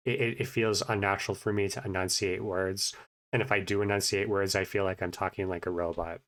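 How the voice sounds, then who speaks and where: Man, low-pitched, mumbling, hesitant, casual vlog update, self-conscious. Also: level tone, a little fast, fairly bright tone. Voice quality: naturally mumbling voice. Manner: hesitant, many fillers and restarts. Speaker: vlogger, language learner.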